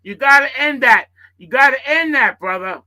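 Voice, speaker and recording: A man's voice: very high voice, expressive, normal speed, pushed and bright, low-quality recording. A man on a live panel, talking in a heated way, repeating himself and swearing. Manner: repetitive, heated, profane. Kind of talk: heated live-stream chat.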